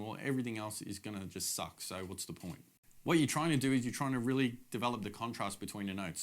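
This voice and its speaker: Upbeat middle-aged man teaching drums. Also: mid-range voice. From Australia. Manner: casual, upbeat, direct to camera. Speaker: drum teacher. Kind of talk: online drum lesson.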